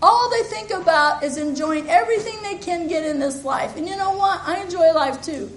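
A woman's voice: extremely high pitch, normal speed. A woman preaching a sermon in a church, earnest and emphatic, with the congregation calling back responses. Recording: echoey room.

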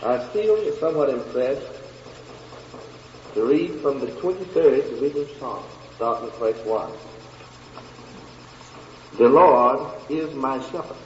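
A man preaches and reads from scripture in a measured, deliberate cadence, pausing often between phrases. The recording is dull and lo-fi, with his voice ringing through a roomy hall. A faint hiss sits behind him. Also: mid-range voice, expressive. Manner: slow, deliberate reading with long pauses. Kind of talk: sermon with scripture reading.

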